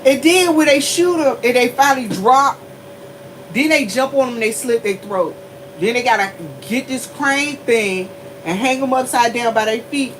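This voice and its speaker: A woman telling a story to her viewers in a casual, animated way. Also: normal speed, a little hiss or hum, low-quality recording. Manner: animated, laughing often, shifts into high squeals. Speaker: vlogger.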